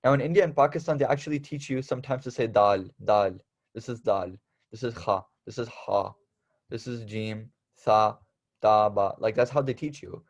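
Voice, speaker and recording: A man's voice: medium pitch, normal speed, lo-fi sound. A young man teaching the Arabic alphabet in a casual lesson, patiently repeating and stressing each letter sound.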